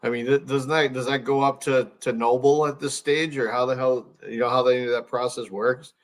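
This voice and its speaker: A man's voice: mid-range voice, steady tone, normal speed. A man hosting a casual podcast, often agreeing and asking loose, rambling questions.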